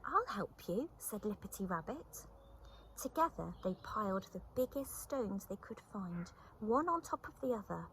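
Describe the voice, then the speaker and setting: Animated woman reading a bedtime story. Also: mid-range voice, moderate pace, a little hiss or hum, low-quality recording. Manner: animated, expressive, drops to whispers. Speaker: children's storyteller.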